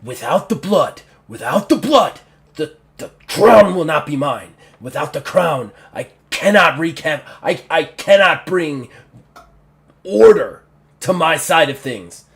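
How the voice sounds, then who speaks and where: A man's voice: on the high side, big pitch swings, takes it slowly, pauses often. A man playing a roaring orc warlord. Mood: furious. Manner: roaring, menacing. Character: hot-tempered power-hungry male orc warlord.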